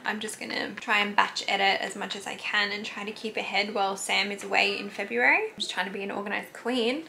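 A woman's voice: medium pitch, vocal fry, sharp tone, slight background noise. A young woman chatting candidly to a handheld camera in a casual vlog, swearing now and then. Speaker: vlogger.

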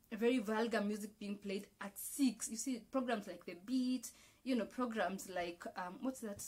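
A woman with a Kenyan accent giving casual, opinionated commentary on the week's news as a vlogger, expressive and slipping into Swahili phrases. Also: on the high side.

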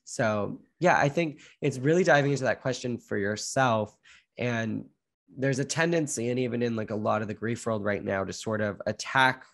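A man's voice: mid-range voice, moderate pace, vocal fry, a bit bright. A young man speaking as an interview guest, earnest and reflective, often saying "like" and "you know". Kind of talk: candid conversational interview.

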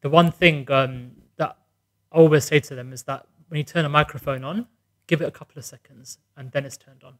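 A man's voice: a little high, steady tone, a little fast. A man, a wedding DJ co-hosting a podcast, explaining practical tips in a casual chat.

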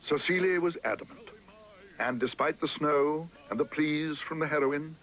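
A man narrating a storybook cartoon in a gentle, expressive reading style. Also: a little high, normal speed, low-quality recording.

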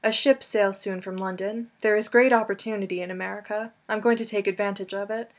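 A woman's voice: mid-range voice, fairly even intonation, brisk, close to an everyday voice. Earnest young farm boy, voiced by a woman, short blunt lines.

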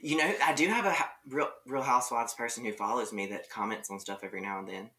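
A man with a Mississippi Southern accent talks as a guest, easygoing and rambling, often breaking into laughs. His voice sits at a middle pitch with a bright, forward tone. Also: fast talker. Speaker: guest, social media creator. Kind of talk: casual chat.

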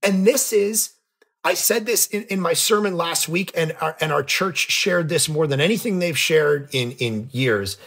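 A man in his forties, a pastor and author guest, telling stories in lively conversation and acting out the people in them. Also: a little high, unhurried, vocal fry. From Canada. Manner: lively, acts out voices in anecdotes. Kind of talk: animated storytelling in conversation.

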